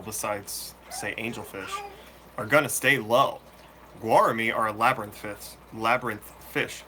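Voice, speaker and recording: A man hosting a fishkeeping channel, chatting casually and answering viewer questions live in a relaxed, slangy way. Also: mid-range voice, a little hiss or hum. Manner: laid-back, slangy, chatty. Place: room full of fish tanks.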